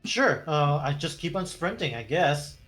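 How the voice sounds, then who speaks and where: A man's voice: a little high, animated, measured pace, fairly bright tone, poor audio. A man playing a tabletop game, thinking his moves through aloud. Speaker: player.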